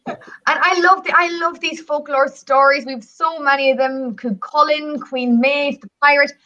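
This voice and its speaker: Bright high-voiced Northern Irish woman. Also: normal speed, muffled recording. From Northern Ireland. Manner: lively, chatty, enthusiastic. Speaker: travel company guest. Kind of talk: radio talk show storytelling and pitch.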